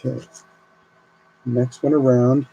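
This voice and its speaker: Man chatting softly while building a kit. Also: medium pitch, level tone, slow pace, vocal fry, husky, highs cut off. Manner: chatty, thinking aloud while working. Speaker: live streamer building a model kit. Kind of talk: casual live stream commentary.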